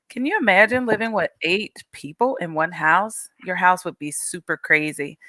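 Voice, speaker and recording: A woman reads a children's story aloud at a slow, deliberate pace, leaning into each line for young listeners. Her voice is bright and clear, and the sound is dry and close. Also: mid-range voice, no room sound. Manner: slow, emphatic storytelling, coaching children to repeat. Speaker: children's book author reading aloud. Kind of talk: expressive read-aloud to children.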